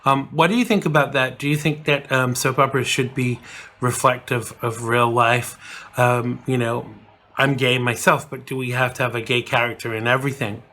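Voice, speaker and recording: A man's voice: mid-range voice, steady tone, normal speed, pushed and bright. A man hosting a casual vlog, chatting to camera in a rambling way with lots of fillers and restarts. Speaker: vlog host.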